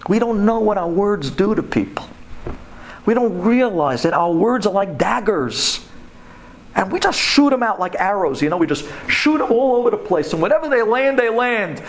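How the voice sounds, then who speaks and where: A man giving a sermon-style storytelling talk to women, animated and emphatic, with pitch swinging sharply up and down. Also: normal speed.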